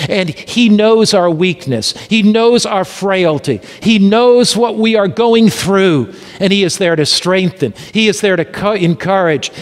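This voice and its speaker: A man preaching an evangelistic sermon, emphatic and full of rhetorical questions, dropping to a hush and then rising again. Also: high voice. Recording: reverberant hall.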